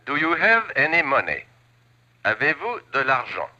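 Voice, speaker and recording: A man playing the voice of a language-lesson record, reading phrases slowly and precisely. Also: medium pitch, huge pitch swings, bright, forceful tone, full character voice. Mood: instructive. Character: male language-record instructor voice. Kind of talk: slow, precise phrase drilling. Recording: dull old sitcom audio.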